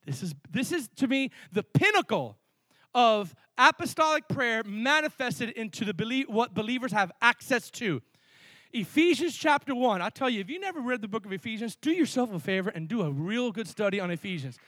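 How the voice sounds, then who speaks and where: A male pastor preaching a sermon with energy, mixing sudden loud emphasis with quick asides. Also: extremely high pitch, lively intonation, no room sound.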